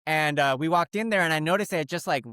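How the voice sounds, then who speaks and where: A man co-hosting a comedy podcast, telling a long story in an animated, rambling, profane way. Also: on the high side, fast talker, dry recording, clean studio sound. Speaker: podcast co-host.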